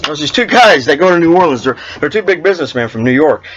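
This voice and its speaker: A man's voice: fairly high pitch, animated, fast talker, dull audio. A man hosting an RV vlog, telling a quiz and a joke in a folksy, chuckling storyteller manner. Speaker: RV vlog host.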